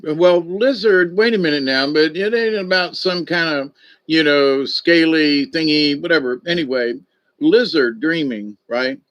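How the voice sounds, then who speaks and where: A man reading oracle cards and telling the story that goes with them, wandering off into asides and filling gaps with ums. He talks slowly and easily, in a somewhat high voice. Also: fairly bright tone. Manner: rambling, unhurried, with many fillers. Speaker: card reader. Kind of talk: casual storytelling and card reading.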